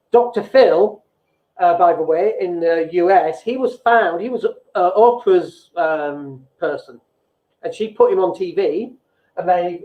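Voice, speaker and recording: A man hosting a business show, talking bluntly and mocking himself, now and then mimicking people in sing-song voices. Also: high voice. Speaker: business coach and show host. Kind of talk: casual motivational talk to viewers. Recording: echoey room over a phone-like thin line.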